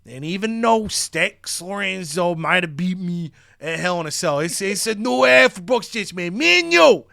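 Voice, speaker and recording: A man voicing an excitable, goofy young male wrestler who keeps tagging his sentences with "huh?". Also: on the high side, slow, long pauses, no room sound, studio quality. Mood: excited.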